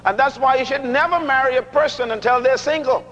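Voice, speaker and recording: High-voiced preacher in an echoing hall. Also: male voice, a bit bright. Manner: emphatic, repeats key lines slowly for effect; humorous, teasing the audience. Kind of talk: sermon. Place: large church hall. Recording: dull lo-fi recording with long hall reverb.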